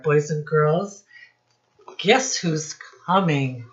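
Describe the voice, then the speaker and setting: Very slow, low-voiced woman teacher reading aloud. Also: expressive, lo-fi sound. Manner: slow, sing-song teacherly questions to children. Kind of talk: read-aloud storytime for young children.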